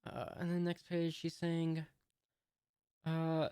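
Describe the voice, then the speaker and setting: A woman's voice: low-pitched, completely flat delivery, slow, long pauses, warm tone, smooth, dry recording, studio quality. A woman reading a comic aloud and commenting on it casually, hesitant and thinking aloud with many fillers. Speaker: reader reacting to a comic. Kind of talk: casual read-along with commentary.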